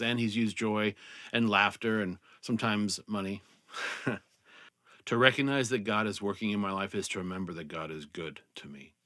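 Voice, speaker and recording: A middle-aged man with a lowish voice speaks earnestly to his viewers, pausing and restarting as he searches for words. His voice drops quietly and he sounds close to tears. The recording is dry and close, with no room sound. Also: dry recording. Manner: earnest, halting, restarts and trails off softly. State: tearful, choked up. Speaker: vlogger and speaker. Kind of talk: reflective personal talk to camera.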